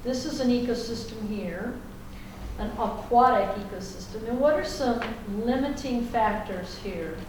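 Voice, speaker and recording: A woman's voice: on the high side, unhurried, noisy background. A woman teacher giving a classroom lecture, folksy and chatty, checking in with the class. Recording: echoey classroom from far off.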